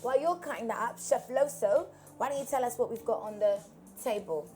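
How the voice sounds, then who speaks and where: A woman with a somewhat high voice hosts a live cooking segment in a TV studio. She is bubbly and animated and laughs easily with her guests. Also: brisk, soft background music. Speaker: TV morning show host. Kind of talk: lively TV cooking segment hosting.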